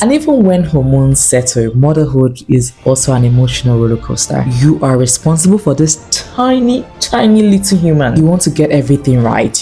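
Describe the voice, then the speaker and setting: A young woman talking candidly to camera in a lifestyle vlog, earnest and confiding with lively asides. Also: low-pitched. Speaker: lifestyle vlogger.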